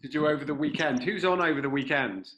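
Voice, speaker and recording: A man running a staff briefing over a call in a measured, businesslike way with some fillers. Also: a little high, fairly bright tone. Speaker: meeting organiser. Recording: noisy, glitchy call line.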